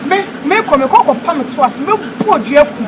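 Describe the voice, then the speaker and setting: Woman, comedy skit, high voice, pleading tone, noisy background. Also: lively intonation, fast talker.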